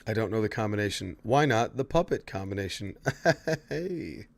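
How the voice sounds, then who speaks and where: A man with a lowish voice talks at a moderate pace in a dry, roomless recording. He's a streamer playing a horror game, chatting casually with his viewers, swearing freely and responding to chat as he plays.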